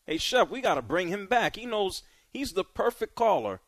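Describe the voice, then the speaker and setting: A man's voice: sits high, sing-song, normal speed, a bit bright, no room sound. A man hosting a sports radio show in casual, conversational talk, trailing off and sighing as he goes. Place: radio studio. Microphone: studio mic.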